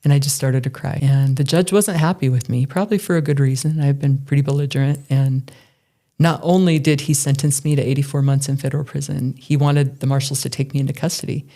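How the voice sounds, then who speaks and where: A middle-aged woman hosting a podcast, telling a candid personal story in an emotional, earnest way with halting restarts. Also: rumbling low, fairly even intonation, dark tone. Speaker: podcast host.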